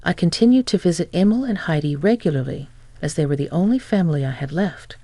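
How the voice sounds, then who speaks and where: A woman in her twenties reading a scripted first-person story in a steady, even manner. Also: on the low side, fast, no room sound. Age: 20s. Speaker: narrator.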